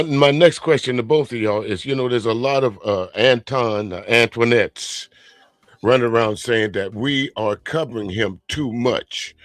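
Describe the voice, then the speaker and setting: A man hosting a casual live stream chat show, talking in a laid-back, drawn-out way and chuckling often. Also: fairly low pitch, no room sound.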